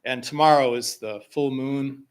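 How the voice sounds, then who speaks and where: A man leading a service, telling a personal story and introducing a song in a slow, gentle way with pauses. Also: mid-range voice, fairly even intonation, clean tone. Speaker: singer-songwriter leading a service. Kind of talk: spoken reflection and song introduction. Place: fellowship hall.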